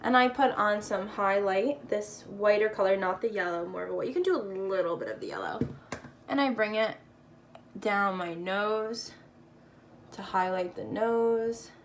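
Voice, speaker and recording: Woman doing a makeup how-to, mid pitch, playful slangy chatter, faint hiss. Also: lively intonation, normal speed. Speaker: makeup tutorial host. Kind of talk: casual makeup tutorial.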